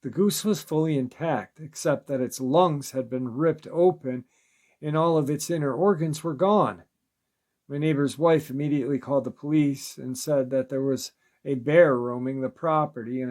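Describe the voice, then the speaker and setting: A man narrating listeners' creature encounter stories in a steady, measured reading voice. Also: mid-range voice. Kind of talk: scripted narration.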